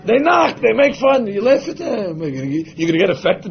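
High, gravelly-voiced man teaching a religious class. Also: very animated, brisk, few pauses, dull audio, crowd noise. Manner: emphatic, acts out imagined voices. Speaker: Torah teacher.

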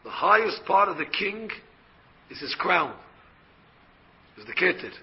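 A man's voice: high voice, sing-song, measured pace, dull audio. A man, a rabbi, giving a Torah lecture and explaining by asking questions and answering them himself. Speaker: rabbi teaching a Torah class.

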